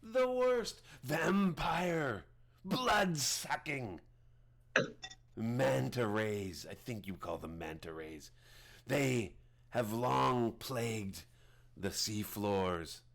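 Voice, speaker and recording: A man voicing a stern, distrustful female fish-folk shaman who gives drawn-out, dramatic warnings. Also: mid-range voice, animated, creaky, exaggerated voice. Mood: grave warning.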